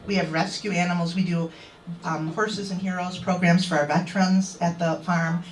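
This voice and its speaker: A woman's voice: lowish voice, moderate pace, a little hiss or hum. A woman activist telling a crowd an indignant story and acting out what others said. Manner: indignant, quoting others in animated voices. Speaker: activist speaker. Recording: echoey, distant mic.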